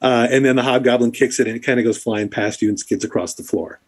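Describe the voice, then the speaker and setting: A man narrating as game master in a relaxed way, full of fillers. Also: medium pitch, quick pace. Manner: relaxed, filler-heavy description.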